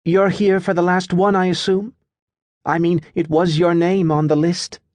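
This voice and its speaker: A bored young woman at a booth, talking in a flat, matter-of-fact way, as a male narrator puts her on. Her voice sits fairly high and the reading is dry and close. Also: normal speed, no room sound, lightly acted. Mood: blunt.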